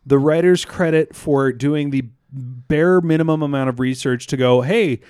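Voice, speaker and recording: Young male co-host, slightly high voice, rambling casual chat, stumbles over words, laughs a lot, dry close sound. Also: moderate pace, a little mellow, clear, resonant tone, dry recording. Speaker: podcast co-host.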